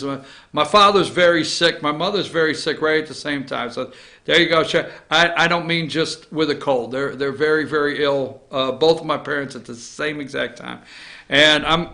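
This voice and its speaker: A male talk-show host holding forth from his office in a bright, tense voice pitched a bit high. He talks bluntly and sarcastically, wandering into rambling asides. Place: office studio.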